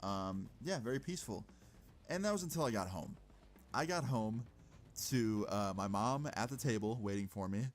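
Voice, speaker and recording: A young man casually telling a personal story, brash and profane, retelling the argument with animated energy. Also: on the low side, normal speed.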